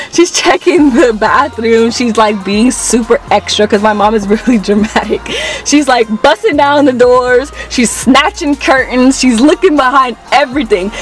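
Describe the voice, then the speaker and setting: A young woman with a fairly high voice tells a storytime vlog in an animated, dramatic way. She is slangy and profane, with soft music faint underneath. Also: recorded from a distance. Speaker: vlogger.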